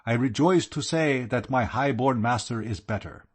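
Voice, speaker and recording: A man's voice: medium pitch, moderate pace, natural voice. A man doing a stiff German count. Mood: formal. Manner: stiff, formal and ceremonious. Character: stiff formal male German count, courtly.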